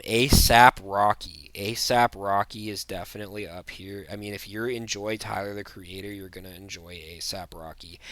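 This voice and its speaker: A man's voice: on the low side, fairly bright tone, no room sound. A young man giving blunt, rambling tier-list commentary, full of fillers and restarts. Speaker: vlogger.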